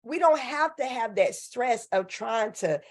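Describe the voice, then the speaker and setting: A woman's voice: on the high side, animated, measured pace, darkish tone. A woman with a Southern US accent hosting a casual conversation, speaking in an affirming, reflective way. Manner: affirming, reflective, calls herself country. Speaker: host and preacher.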